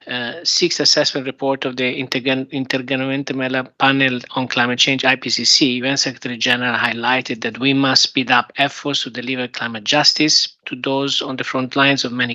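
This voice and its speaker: Italian-accented man, flat bright delivery. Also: mid-range voice, no room sound, lo-fi sound. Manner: halting, with many fillers and restarts. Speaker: UN representative giving closing remarks. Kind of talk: formal speech at a workshop.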